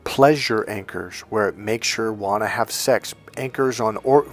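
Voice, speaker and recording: A man's voice: on the low side, measured pace, soft background music. A man speaking as a dating coach in a persuasive, emphatic monologue to his viewers. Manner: emphatic, persuasive, acts out quoted voices.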